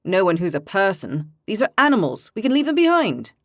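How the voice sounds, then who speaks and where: A woman's voice: medium pitch, wildly swooping pitch, a little fast, dry recording, studio quality. A woman voicing a brash, boastful young male warrior with cocky, mocking banter.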